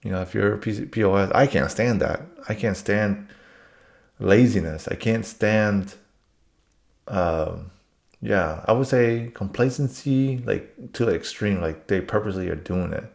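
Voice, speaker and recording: A man's voice: lowish voice, measured pace, gravelly, a little mellow. A man telling work stories in a casual monologue, blunt and rambling, swearing freely.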